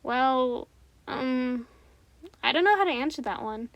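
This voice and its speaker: A woman doing a gentle young schoolboy. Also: high voice, lively intonation, dry recording. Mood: thoughtful. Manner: hesitant, thoughtful, slow when explaining.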